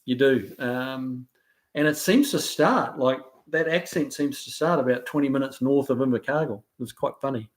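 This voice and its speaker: A man's voice: mid-range voice, normal speed. New Zealand man chatting casually on a live stream. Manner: reads viewer comments aloud and answers them loosely, with many fillers and restarts. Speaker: host of a live stream reading chat.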